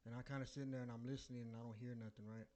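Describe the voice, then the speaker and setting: Young man, animated and profane, builds suspense in casual podcast storytelling. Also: mid-range voice, very fast. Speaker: podcast co-host.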